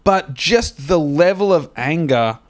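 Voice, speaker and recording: A man's voice: on the high side, lively intonation, slow pace, slight background noise. A man, telling a profane comic story on a podcast. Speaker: podcast co-host. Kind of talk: casual comedic storytelling.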